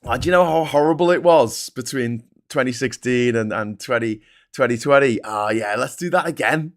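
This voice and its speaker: A man's voice: medium pitch, animated, a little slow. A British man hosting a show, ranting with sarcastic, sweary commentary and laughing between jabs. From Britain. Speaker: host.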